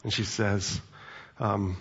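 A man's voice: lowish voice, little pitch movement, slow pace, fairly bright tone, husky, dull audio. A male pastor preaching a sermon in an earnest, reflective way, often restarting his phrases.

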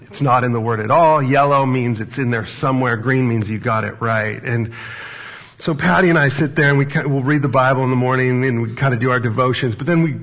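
A man's voice: medium pitch, brisk, a bit bright, dull audio. A man preaching a sermon, reading scripture and then talking conversationally with anecdotes and fillers. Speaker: pastor.

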